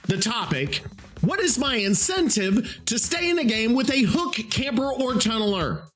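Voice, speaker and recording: A man's voice: extremely high pitch, big pitch swings, normal speed, a bit bright, soft background music. A man hosting a solo podcast, ranting in an exasperated, profane way. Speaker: podcast host.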